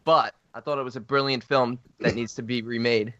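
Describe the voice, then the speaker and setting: A man in casual podcast chat, pitching ideas in a deadpan way. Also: fairly quick, dry recording, lo-fi sound.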